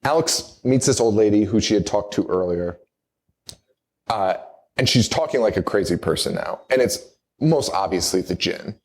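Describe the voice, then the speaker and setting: At a live show venue, a man co-hosts a horror movie podcast, recapping a film in a wry, rambling way and laughing through his own jokes. His voice is on the low side and animated, at normal speed.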